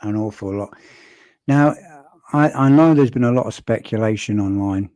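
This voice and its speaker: A man breaks down a video clip in a loose, wry way, stopping and restarting as he thinks. His voice is warm and mellow. The sound is dry and close. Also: on the low side, no echo. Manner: conversational, wry, with pauses and restarts. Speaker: commentator analysing a video clip. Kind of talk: casual video commentary.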